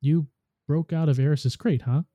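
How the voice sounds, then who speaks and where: A man's voice: fairly high pitch, fairly even intonation, normal speed, warm tone, no room sound, natural voice. Man reading as a cheerful eager male ghost. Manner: upbeat, eager.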